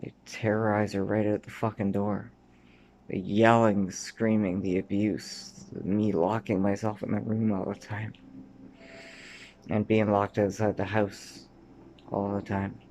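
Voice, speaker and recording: Slow, gravelly-voiced man rambling. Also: fairly low pitch, level tone, darkish tone, a little hiss or hum. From Canada. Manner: rambling, swears often, drifts between memories; sometimes drops to a mutter or whisper. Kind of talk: rambling personal monologue.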